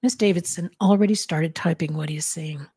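Mellow-voiced woman reading her novel. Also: sits low, a little fast, breathy edge, no echo, clean studio sound. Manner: calm, even storytelling with spoken dialogue. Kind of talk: audiobook-style reading.

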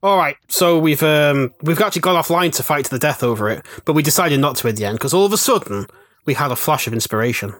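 A man's voice: on the high side, lively intonation, fast, fairly bright tone, dry recording, clean studio sound. A man hosting a casual chat, joking and laughing as he steers the talk. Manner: jokey, laughs a lot, leads the talk. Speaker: podcast host.

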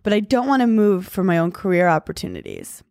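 A woman's voice: lowish voice, wildly swooping pitch, fairly quick, creaky, darkish tone, no room sound, clean studio sound. A woman in her twenties, a podcast guest talking in a blunt, candid way and laughing often. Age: 20s. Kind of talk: casual chat.

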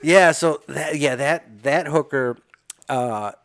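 A man from Illinois telling crude stories in casual chat, animated and blunt. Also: a little high, no echo, studio quality. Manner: fast, crude, animated storytelling. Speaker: podcast guest storyteller.

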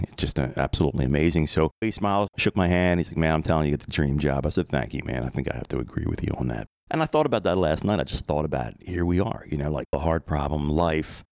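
A middle-aged man speaks in a very low register, recorded close and dry with almost no room sound. He talks casually and reflectively, like a podcast host telling a personal story. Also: quick pace, gravelly, hardly any pauses, no echo. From Philadelphia area, USA. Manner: conversational, reflective, rambling asides.

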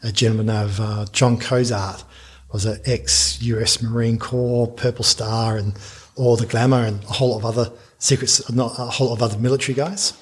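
Guy telling a business story on a podcast, husky voice, keeps restarting sentences. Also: mid-range voice, brisk. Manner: animated anecdote telling with frequent restarts and laughs. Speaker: business founder guest.

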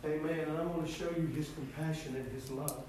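A man preaching a sermon, sprinkling in "amen" and building to a pleading, fervent pitch. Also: fairly even intonation, brisk, a little mellow, slight background noise. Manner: rising to high, pleading fervor with frequent "amen". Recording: echoey distant room sound.

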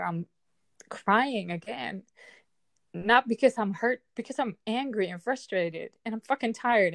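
A woman's voice: on the high side, no echo. Heated, frustrated woman in her forties. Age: 40s. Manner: heated, frustrated, forceful outbursts. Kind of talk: emotional personal monologue.

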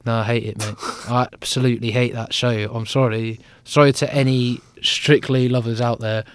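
A man's voice: mid-range voice, flat delivery, normal speed, dry recording. A man co-hosting a casual sports podcast, blunt and opinionated, laughing easily.

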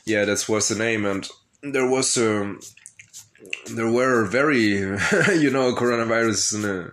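Slow, low-voiced man rambling candidly. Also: a bit bright. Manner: hesitant and profane, with frequent laughs and fillers. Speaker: vlogger telling his life story. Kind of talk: rambling personal monologue.

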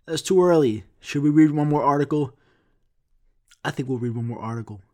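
A young man hosting a solo podcast, ranting profanely and swinging between loud outbursts and low mumbles. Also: brisk. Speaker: podcast host. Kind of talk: casual solo podcast rant.

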